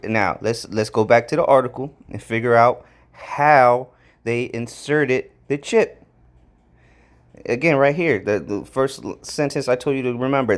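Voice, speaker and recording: A man giving a casual, rambling Bible study commentary, repeating himself, often checking in with "all right?", and growing emphatic as he reads out word definitions. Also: medium pitch. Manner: grows emphatic and excited while reading out definitions. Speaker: religious video commentator.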